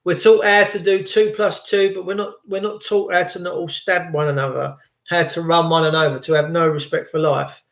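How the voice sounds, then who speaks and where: Speaking at normal speed with a flat delivery, vocal fry, and a slightly high, fairly bright voice, a middle-aged online talk host from South London, England, addresses viewers. His casual, preachy monologue is earnest and repetitive, and the sound is roomy.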